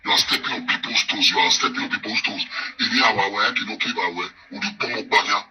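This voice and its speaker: A man's voice: fairly low pitch, steady tone, fast talker, sharp tone. An actor playing an upset man who scolds another in a Nollywood film. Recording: distant mic with faint noise.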